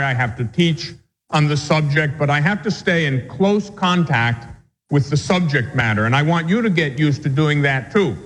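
Priest man lecturing on catechism, kinda high voice, long echoey reverb. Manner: measured, patient teaching with anecdotes. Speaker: Catholic priest teaching a catechism class.

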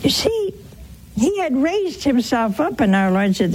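Sex: woman. Role: religious broadcaster. Style: sermon-style teaching, folksy and wry. Pace: slow, with lively pitch. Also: breathy edge, rough recording. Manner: folksy, wry, talks straight to listeners.

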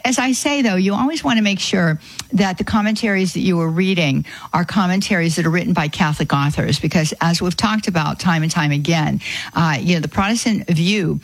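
Woman, call-in radio host, halting with fillers, lowish voice, dry sound. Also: no echo, rough recording. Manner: halting, many fillers and restarts.

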